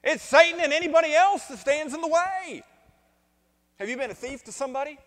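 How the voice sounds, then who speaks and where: A man preaching a sermon as pastor, deliberate at first and building to emphatic points, asking the congregation to repeat after him and answer his questions. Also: very high-pitched, a bit bright. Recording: long reverb of a large hall.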